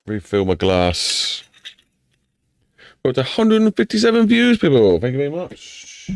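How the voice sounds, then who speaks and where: A man's voice: mid-range voice, huge pitch swings, unhurried, creaky, no echo, clean studio sound. A man with an English accent chatting casually on a live stream while he builds a game map, rambling and talking to himself and to chat.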